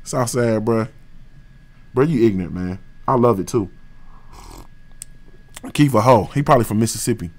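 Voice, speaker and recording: A man's voice: medium pitch, normal speed, pauses often. A man from Dayton, Ohio, hosting a boxing talk livestream in a heated, profane, slang-filled rant. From West Dayton, Ohio, USA. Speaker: boxing talk show host.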